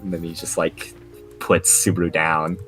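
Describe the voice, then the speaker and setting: Young male podcast co-host, lowish voice, loose rambling delivery full of restarts, faint music under him. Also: flat delivery, normal speed, fairly bright tone. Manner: rambling, many restarts and "like" fillers. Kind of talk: casual anime podcast chat.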